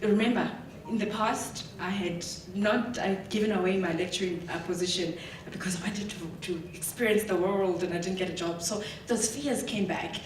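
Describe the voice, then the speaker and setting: A woman's voice: medium pitch, moderate pace, slight background noise. Woman speaking in an echoey hall. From South Africa. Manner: lively storytelling with frequent laughs. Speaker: guest speaker. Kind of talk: motivational talk. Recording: echoey hall, distant mic.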